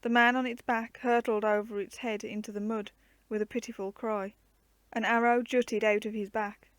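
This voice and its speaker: Woman storyteller, fairly high voice, dry close sound; measured book reading. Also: dry recording. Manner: measured, expressive narration. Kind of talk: reading a children's adventure book aloud.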